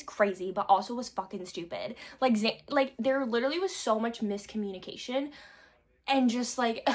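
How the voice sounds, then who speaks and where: A young woman chatting casually about books, gushing with frequent laughs and swearing, swinging between loud bursts and soft asides. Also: on the high side. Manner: gushing, swears often, many likes. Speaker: book reviewer. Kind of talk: casual book chat.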